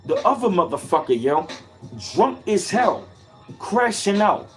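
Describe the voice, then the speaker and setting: A man on a casual livestream speaks in a somewhat high, very animated voice, swinging his pitch up and down as he drives each point home. His delivery is emphatic and repetitive, full of swearing, and he calls out chat viewers by name. Faint music plays behind him. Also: measured pace. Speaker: livestream host reading chat.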